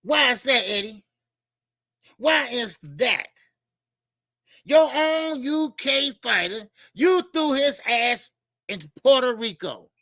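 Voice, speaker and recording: A man's voice: very high voice, animated, slow pace, pauses often, bright, forceful tone, dry recording. A man hosting a boxing talk show, ranting in blunt, profane casual commentary.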